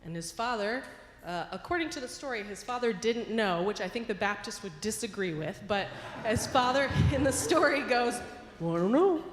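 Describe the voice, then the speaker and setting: A woman minister telling a story in a sermon, playful and animated, in a church sanctuary. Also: a little high, normal speed, crowd noise. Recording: echoey hall with long reverb, faint ambience.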